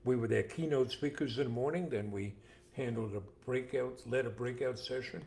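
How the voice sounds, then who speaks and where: An older man co-hosting a casual chat, telling jokes and stories with animated voices for the characters. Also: mid-range voice, normal speed. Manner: animated storyteller acting out voices. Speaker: co-host, father.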